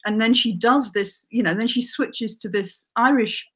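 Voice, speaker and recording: A woman in her forties, a crime writer guest, chatting enthusiastically and telling lively stories. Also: a little high, moderate pace, breathy edge. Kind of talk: casual chat.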